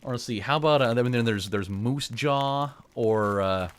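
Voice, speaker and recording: A man's voice: medium pitch, moderate pace, a little hiss or hum. A man casually riffing and joking as he plays a video game, rambling and laughing at his own lines. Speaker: gaming channel host. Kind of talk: casual let's play commentary.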